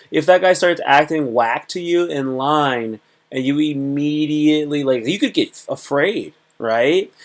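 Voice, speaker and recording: A man hosting a casual livestream talk, rambling and repetitive, often acting out little dialogues. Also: a little high. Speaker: host. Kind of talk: casual livestream monologue on self-improvement.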